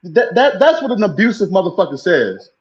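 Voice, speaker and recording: A man co-hosting a casual podcast, blunt and profane, firing off quick reactions. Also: high-pitched, big pitch swings, highs cut off. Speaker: podcast co-host.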